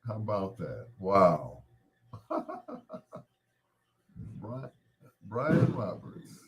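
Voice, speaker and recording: Low, slow-talking man around 60. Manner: relaxed, rambling, greets viewers by name. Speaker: host. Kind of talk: casual live-stream chat with viewers.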